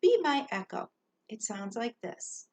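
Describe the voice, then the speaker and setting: A woman with a high, very animated voice leads a Sunday school class, patiently teaching a children's song line by line on ukulele. She goes slowly, singing each line and then talking it through. The recording is dull and lo-fi, with the ukulele coming through loudly.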